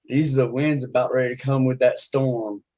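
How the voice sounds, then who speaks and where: Calm storm-talking woman, played by a man. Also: medium pitch, normal speed, natural voice. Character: heavyset woman, calm and unbothered.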